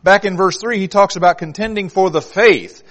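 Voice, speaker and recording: A man's voice: sits high, normal speed, fairly bright tone. A man preaching an evening sermon, reading scripture aloud and driving his points home with emphasis. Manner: emphatic, reads scripture aloud with rising force.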